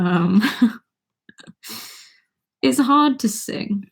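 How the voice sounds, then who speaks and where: Slow-talking young English woman. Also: fairly high pitch, vocal fry, husky. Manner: relaxed, reads viewer comments aloud between songs. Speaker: livestreamer. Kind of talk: casual livestream chat.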